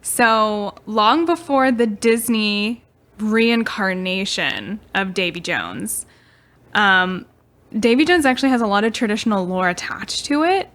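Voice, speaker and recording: A young woman co-hosting a podcast, sharing lore in a loose, giggly way. Her voice sits at an ordinary mid pitch, and her sentences wander and trail off. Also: big pitch swings, measured pace, a bit bright. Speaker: podcast co-host. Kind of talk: casual storytelling chat.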